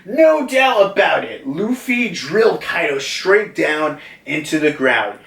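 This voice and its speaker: A man doing a loud cat samurai chief. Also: a little high, sing-song, slow pace, gravelly, voice pushed up, exaggerated voice. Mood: proclaiming. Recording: roomy echo, distant mic.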